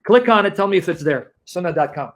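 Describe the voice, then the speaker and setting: Fast, combative man in a heated debate. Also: high-pitched, expressive, fairly bright tone. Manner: combative, mocking, talks over the other.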